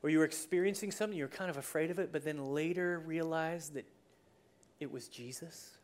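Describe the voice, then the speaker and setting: Preacher telling a story in a sermon: lively, chatty, acts out the scenes. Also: medium pitch, quick pace, a little hiss or hum. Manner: conversational, with restarts and asides.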